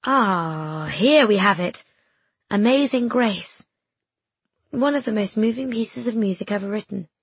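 A woman voicing a kindly, fussy middle-aged village choirwoman who speaks gently but turns decisive, in an audiobook. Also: medium pitch, a little slow, husky, no echo. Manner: gentle, hesitant, then decisive. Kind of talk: audiobook character voice.

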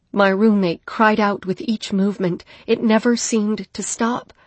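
Female audiobook narrator, husky tone, measured dark first-person delivery, close dry studio sound. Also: medium pitch, dry recording. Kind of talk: scripted narration. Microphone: studio microphone.

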